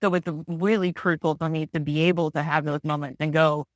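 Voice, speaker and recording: A woman's voice: low-pitched, fairly even intonation, a little fast, dry recording. Candid woman guest, dry sound. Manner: candid, reflective, frequent restarts. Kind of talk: podcast interview.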